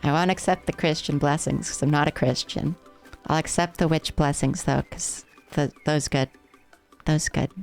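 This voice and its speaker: A woman's voice: sits low, steady tone, moderate pace, soft background music. A woman streaming a game live, chatting playfully with her viewers as she plays. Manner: playful, rambling, chats with viewers.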